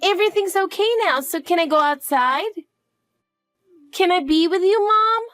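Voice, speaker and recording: A woman voicing a timid, clingy little girl who asks and pleads in a high, eager voice. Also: animated, moderate pace, a bit bright, no echo. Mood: pleading.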